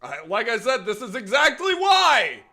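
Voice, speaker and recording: A young streamer man chatting with his viewers in loud, joking banter. His voice sits high and bright and swings all over the place. He swears freely and shouts greetings. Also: huge pitch swings, moderate pace, vocal fry. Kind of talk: casual gaming livestream chat.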